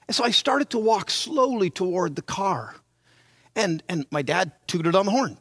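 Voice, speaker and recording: Older guy preaching, dramatic storyteller, high voice, dry close mic. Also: lively intonation, measured pace, pushed and bright, no room sound. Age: 60s. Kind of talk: storytelling sermon.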